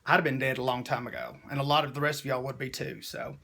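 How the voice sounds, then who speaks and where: A man's voice: mid-range voice, steady tone, fast talker, gravelly, sharp tone. A man giving an emotional, preachy personal monologue to his viewers. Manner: emotional, preachy, Southern-style "y'all" talk. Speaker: vlogger.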